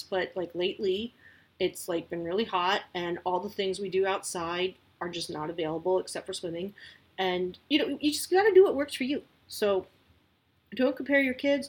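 A woman's voice: mid-range voice, slightly rough. A woman in her thirties giving casual parenting advice as a host, chatty and full of likes and you-knows.

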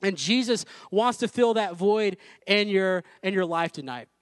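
A man with a high voice preaching conversationally, mixing jokes and asides into his sermon. The sound is dry and close, with no room ring. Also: animated, a little slow, dry recording. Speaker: pastor. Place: church room.

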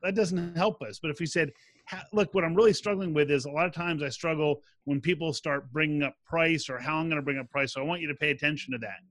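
Bright-voiced man explaining sales methods. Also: fairly high pitch, fast, no room sound. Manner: animated, acts out quoted dialogue. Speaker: sales expert guest. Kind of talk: interview answers, explaining.

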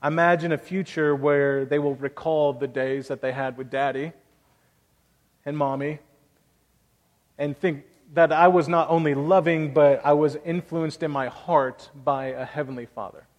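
A man's voice: on the high side, fairly even intonation, a little slow, big-room sound. A man in his thirties preaching a sermon as pastor, earnest and conversational, telling personal stories.

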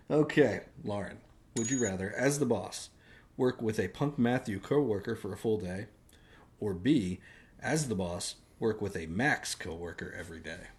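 Lively laughing man hosting a podcast. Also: on the low side, measured pace. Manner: quizzes the others, laughs often. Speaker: podcast host. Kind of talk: casual podcast chat.

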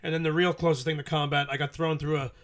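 A man's voice: fairly high pitch, level tone, fast talker. A man in his late forties, a podcast guest, telling profane, rambling war stories with lots of laughter. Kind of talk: casual storytelling.

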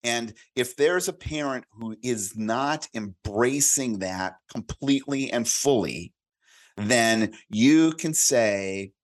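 A man's voice: mid-range voice, animated, slow pace. A man in his late fifties, a career coach guesting on a podcast, explaining points and telling stories with frequent "right?" checks. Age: late 50s. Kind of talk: casual conversational interview.

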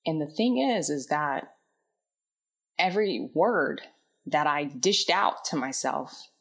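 Woman, low voice, unhurried, candid and introspective, drops soft at phrase ends. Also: animated, creaky, slightly rough. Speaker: vlogger. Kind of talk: personal reflective storytelling.

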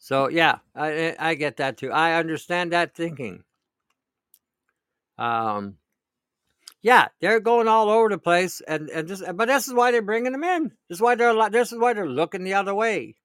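A man's voice: sits high, animated, normal speed, fairly bright tone, clean tone, no room sound, clean studio sound. A middle-aged man, ranting about politics in a sarcastic, indignant way, often laughing and repeating himself. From Canada. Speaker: vlogger. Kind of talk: political rant.

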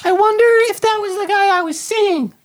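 Very high-voiced woman player. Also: brisk. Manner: hesitant, restarting. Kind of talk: casual chat.

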